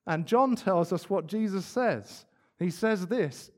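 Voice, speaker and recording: Earnest preacher with a higher man's voice. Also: lively intonation. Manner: earnest, slows down to stress key words. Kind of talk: sermon.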